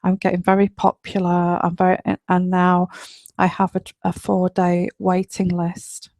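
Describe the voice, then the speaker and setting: Quiet whispery woman hosting a live show. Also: lowish voice, monotone, measured pace, dry recording. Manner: chatty and rambling, with many fillers and restarts. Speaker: tarot reader and show host. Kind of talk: live online radio show chat. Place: home, late at night.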